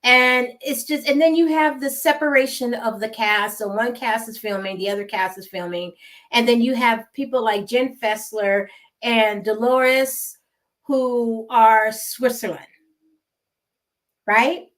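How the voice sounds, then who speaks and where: A woman's voice: fairly high pitch, steady tone, unhurried, a bit bright. A woman with a West Coast American accent gives casual, emphatic gossip commentary and repeats words for effect. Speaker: gossip vlogger.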